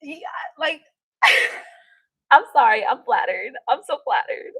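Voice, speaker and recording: A woman's voice: sits high, lively intonation, takes it slowly, pushed and bright, slightly rough, no echo, poor audio. A woman tarot reader chatting casually on a live stream, brash, cocky and profane. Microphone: streaming mic.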